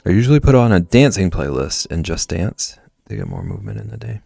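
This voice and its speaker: A deep-voiced man with a creaky, gravelly edge chats loosely on a livestream, drifting from thought to thought with filler words. His voice sounds close and dry. Faint music plays underneath. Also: wildly swooping pitch, fairly quick, mellow, no room sound. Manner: rambling, answers chat, filler "like". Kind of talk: casual stream chat.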